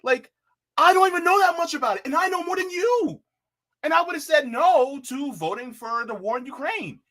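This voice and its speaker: Male panelist, high, lively voice, heated rant, slangy. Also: normal speed. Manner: animated, repeats himself, says bruh, mimics others in quotes. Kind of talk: heated political panel talk.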